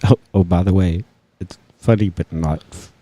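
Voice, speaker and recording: A man's voice: deep voice, steady tone, normal speed, dark tone, highs cut off. Man in his forties telling a story. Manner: storytelling with stammered restarts. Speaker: radio show co-host. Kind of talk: casual banter among friends.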